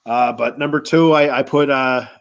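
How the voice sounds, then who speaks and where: A man's voice: medium pitch, steady tone, moderate pace, creaky, clean tone. A man hosting a casual solo podcast, rambling through a list of favorite foods with relish and chuckling to himself. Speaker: podcast host.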